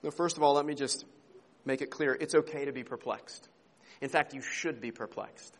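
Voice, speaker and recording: A man's voice: mid-range voice, normal speed. A man preaching a sermon as pastor, earnest and emphatic, repeating words and asking rhetorical questions. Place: church sanctuary. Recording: long hall reverb.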